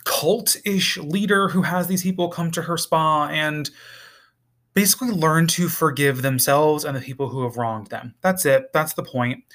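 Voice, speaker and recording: A man's voice: a little high, a bit bright. Male vlogger, casual and profane, exasperated rambling delivery. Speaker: TV reviewer. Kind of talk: casual review vlog.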